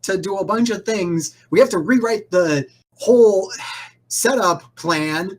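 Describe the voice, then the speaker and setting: A man voicing a short, brusque male festival organizer who barks rushed, profane orders in a flustered, snappy way. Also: mid-range voice, close to an everyday voice. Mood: exasperated.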